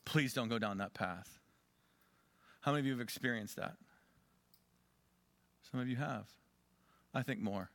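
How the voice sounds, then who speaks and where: Bright-voiced male pastor preaching. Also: mid-range voice, measured pace, gravelly, long pauses, no echo. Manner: animated, swinging between loud urging and quiet asides. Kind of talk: sermon.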